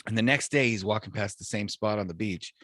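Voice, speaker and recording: A man's voice: lowish voice, fairly quick, a bit bright, no room sound, studio quality. A man co-hosting a podcast, telling jokes in a laid-back, chuckling way. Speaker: podcast co-host. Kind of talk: casual joke-telling chat.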